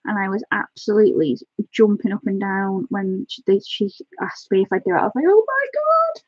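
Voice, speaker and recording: A woman talks on a live stream with a slightly husky, breathy voice. She gushes with excitement and keeps thanking her viewers by name. The audio is dry and a little dull, like lo-fi stream sound. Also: mid-range voice, fairly quick, dry recording. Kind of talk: casual live-stream chat.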